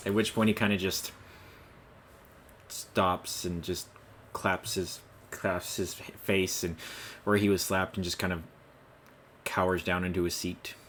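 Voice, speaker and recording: Deep-voiced man narrating a tabletop game. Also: measured pace, pauses often, a little hiss or hum. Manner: relaxed storytelling with fillers. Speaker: game master.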